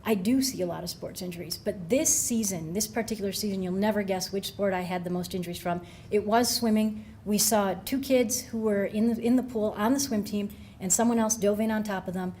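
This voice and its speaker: A woman's voice: medium pitch, steady tone, a little fast, hardly any pauses, warm tone. A middle-aged woman speaks from a podium as a researcher addressing a room of coaches. Her talk is loose and conversational, with frequent ums and restarts. Her voice sits in a middle range, with a faint hiss in the room behind her. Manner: conversational, many fillers and restarts. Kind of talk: conference talk.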